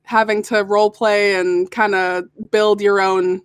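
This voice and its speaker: A woman's voice: medium pitch, level tone, unhurried, clear, resonant tone, no echo. Giggly young woman, dry close sound. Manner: giggly, laughs often. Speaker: interview guest, voice actor. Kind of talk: casual interview chat.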